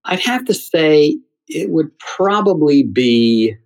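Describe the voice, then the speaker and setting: A middle-aged man from the United States, a theater critic, telling anecdotes in conversation in an animated way, often repeating words. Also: fairly high pitch, takes it slowly, gravelly, poor audio.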